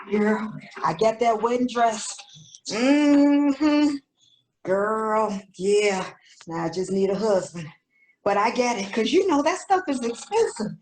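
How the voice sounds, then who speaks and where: A woman voicing a sassy young woman looter in a comedic skit, boastful and slangy with drawn-out exclamations. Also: high-pitched, a little hiss or hum, voice pushed up, low-quality recording.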